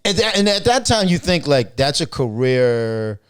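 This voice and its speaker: A man's voice: on the high side, big pitch swings, normal speed, clean tone, no room sound, clean studio sound. A man hosting a casual chat, swearing freely and laughing often. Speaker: podcast host, comic.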